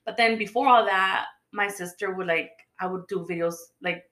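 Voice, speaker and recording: A woman's voice: medium pitch, normal speed, a bit bright. A woman in casual podcast chat, telling stories in a chatty way and acting out the voices of people she quotes. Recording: echoey room.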